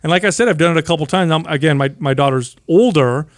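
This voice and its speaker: An energetic man in his thirties tells a story with plenty of emphasis. His voice sits a bit high for a man. The recording is dry and close-miked. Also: quick pace, dry recording. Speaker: podcast co-host. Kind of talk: casual chat.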